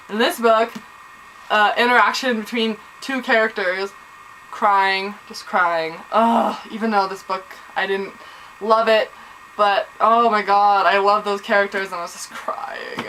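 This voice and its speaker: A young woman vlogging about books in a casual, gushing, excitable way, full of exclamations. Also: mid-range voice, measured pace, a little hiss or hum, low-quality recording. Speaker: book vlogger. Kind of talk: casual chat to camera.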